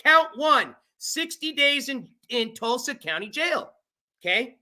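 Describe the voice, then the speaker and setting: Stream host, very bright voice, casual, reads legal papers aloud, explains as they go. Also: high voice, very animated, takes it slowly. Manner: chatty, stops to explain legal wording; thanks channel members by name. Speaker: livestream host. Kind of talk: casual commentary reading court papers aloud.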